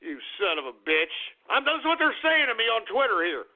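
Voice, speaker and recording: A male talk radio host launching into an angry, profanity-laced political rant. His voice sits fairly high for a man. The sound is thin and tinny, as if heard over a phone line. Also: very animated, a little fast, vocal fry.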